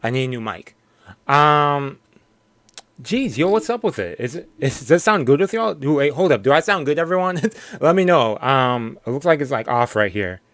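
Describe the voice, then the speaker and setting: A male streamer chats casually and playfully with his viewers. He laughs often and stumbles over his words. His voice sits in an ordinary middle pitch. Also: sing-song, normal speed, fairly bright tone, no room sound. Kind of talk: casual live-stream chat.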